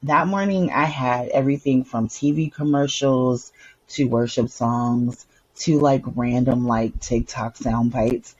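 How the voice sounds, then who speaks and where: A woman co-hosting a podcast in casual chat, an animated storyteller who laughs often and breaks into song. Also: rumbling low, a little slow, slightly rough, highs cut off. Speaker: podcast co-host.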